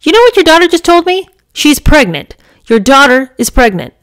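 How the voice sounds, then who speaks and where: An excited grandmother breaking surprising news, her voice lifted and urgent, as a woman reading a memoir puts her on. The delivery stays close to a storyteller's own voice, just pitched a little higher. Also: moderate pace. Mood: agitated. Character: upset older grandmother telling husband news.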